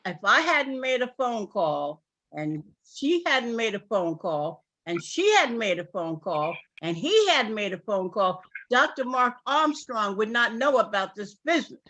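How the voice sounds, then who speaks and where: A woman's voice: on the high side, very animated, measured pace, fairly bright tone. Emphatic New York woman on a call. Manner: emphatic, repetitive, rambling. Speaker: distributor on a sales call. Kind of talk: excited testimonial on a group call.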